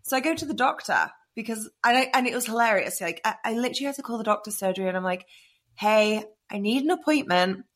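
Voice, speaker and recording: A woman with a British accent, a podcast guest telling a candid personal story in an animated way and acting out her past thoughts. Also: a little high, very fast, hardly any pauses.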